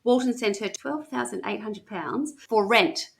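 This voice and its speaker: A woman's voice: a little high, measured pace, creaky. A woman co-hosting a casual true-crime podcast chat, telling the story in a chatty, self-mocking way. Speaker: podcast co-host.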